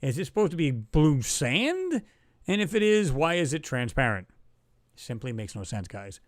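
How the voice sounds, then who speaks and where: A man hosting a casual livestream, talking excitably about photos and reading out viewers' comments. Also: a little high, normal speed, no echo. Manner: excitable, talks to chat viewers, reads their comments aloud. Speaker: livestream host.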